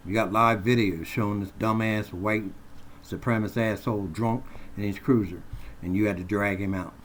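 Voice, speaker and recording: A man's voice: fairly low pitch, fairly even intonation, moderate pace, a little hiss or hum. A man venting in a heated, profane rant recorded on his phone, hurling blunt accusations. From Colorado. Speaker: vlogger. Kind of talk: angry rant to camera. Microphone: phone camera.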